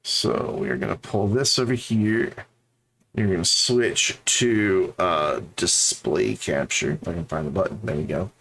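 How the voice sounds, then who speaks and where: A man's voice: low-pitched, a little slow, gravelly, a bit bright, a little hiss or hum. A man streaming a game, chatting casually and rambling to his viewers. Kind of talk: casual live-stream chat.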